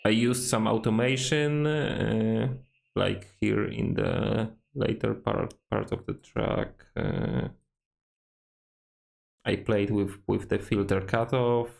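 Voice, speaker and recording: Gravelly slow-talking man with lots of fillers. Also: lowish voice, expressive, darkish tone. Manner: hesitant, many fillers and restarts. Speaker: music producer. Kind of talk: casual tutorial walkthrough.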